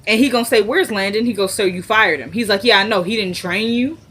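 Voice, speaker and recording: A woman's voice: medium pitch, fast talker, fairly bright tone, slightly rough. A woman recapping a TV drama episode, acting out the characters' lines. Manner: retells scenes, acting out quoted lines.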